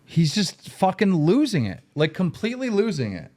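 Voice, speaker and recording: A man's voice: sits high, moderate pace. A man on a podcast telling a story with lots of swearing, acting out what others said. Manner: excitable, swearing, acts out quotes. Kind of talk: animated storytelling with profanity.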